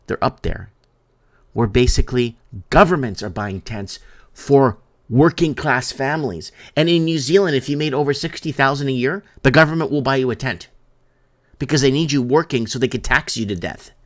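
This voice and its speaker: A man's voice: medium pitch, expressive, normal speed, a bit bright. A man hosting a live-stream talk show. He rambles, reads out viewer comments and hammers his points home by repeating them. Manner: repetitive and emphatic, drives points home by restating them.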